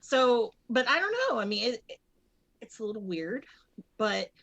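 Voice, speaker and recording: Lively-voiced woman co-host, dry sound. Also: a little high, normal speed, dry recording. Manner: lively, hesitant, many restarts. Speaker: regular podcast co-host. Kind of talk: casual wrestling chat.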